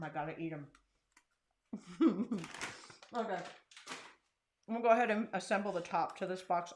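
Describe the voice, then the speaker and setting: A woman's voice: lowish voice, slight background noise. Chatty woman demonstrating crafts. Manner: chatty and self-deprecating, talks while working. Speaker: craft channel host. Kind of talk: casual crafting tutorial.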